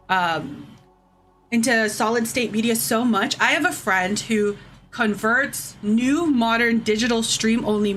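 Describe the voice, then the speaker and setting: A woman's voice: mid-range voice, a bit bright. A woman streamer ranting heatedly and profanely to her chat, taking drinks as she goes. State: drinking shots. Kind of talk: casual livestream rant.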